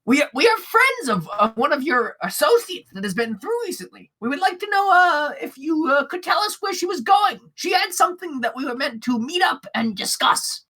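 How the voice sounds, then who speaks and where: Small fawning kobold bard, woman doing the voice, bright and sing-song, tripping over words. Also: sits high, sing-song, normal speed, few pauses, full character voice, low-quality recording. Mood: wheedling. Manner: stammering, eager and wheedling.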